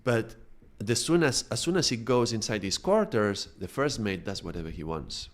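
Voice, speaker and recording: Here the man teaching is very animated, with a lowish voice at normal speed. As a spiritual teacher giving a casual lesson, he chats, restarts himself, and leans on tag questions often.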